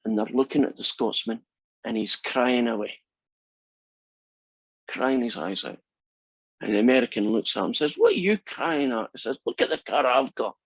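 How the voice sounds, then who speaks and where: A man's voice: mid-range voice, normal speed, pauses often, slightly rough, no room sound, dull audio. Chatty man telling a classroom joke. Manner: chatty, tells jokes with asides. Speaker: math instructor.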